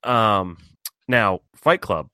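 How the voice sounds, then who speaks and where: A man's voice: on the low side, animated, drawn-out words, pushed and bright, no echo, studio quality. A man co-hosting a casual chat, hesitant and searching for words. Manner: hesitant, lots of ums and uhs. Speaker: podcast co-host. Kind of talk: casual chat about movies.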